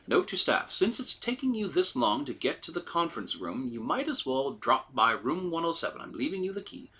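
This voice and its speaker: A man's voice: brisk, slightly rough. A man co-hosting a gaming video, chatting casually and animatedly while playing. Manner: chatty, animated, mimics characters in high voices. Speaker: gaming channel co-host. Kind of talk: casual let's-play chat.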